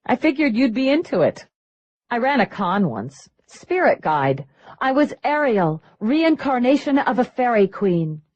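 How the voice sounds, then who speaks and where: Brash young ex-grifter read by a woman: high, bouncy, lively, quick. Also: dry recording, highs cut off. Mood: brash, upbeat. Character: bubbly young female ex-grifter performer, brash.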